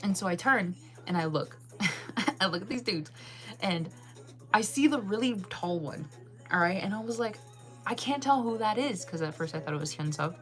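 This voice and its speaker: A young woman telling a story in a casual, animated way, acting out her own reactions in a higher voice and laughing often. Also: moderate pace, faint music behind. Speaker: channel host.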